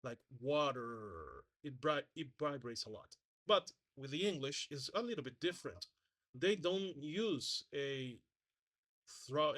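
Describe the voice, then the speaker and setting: A man with a slightly high voice talks through a spoken exam presentation as a student. He is hesitant, often restarting and correcting himself, and he demonstrates sounds by saying example words aloud. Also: fairly bright tone.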